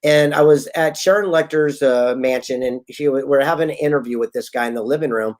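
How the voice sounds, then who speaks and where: A man being interviewed as a guest author, telling stories in a casual, animated way and acting out the people he quotes. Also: mid-range voice, fairly quick. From Southern California. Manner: animated storyteller, acts out quotes.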